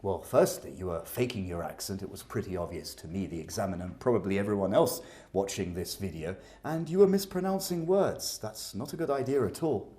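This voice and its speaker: A man's voice: deep voice, animated, a little fast, few pauses, dark tone. A man teaching an exam speaking lesson, explaining points with emphatic stress.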